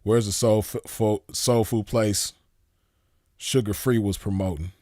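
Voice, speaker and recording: With a fairly low, slightly mellow voice, steady tone and measured pace, a man in his forties hosts a show. He chats casually with viewers, laid-back and slangy, rambling through stories and laughing easily. The studio-quality audio has no room sound.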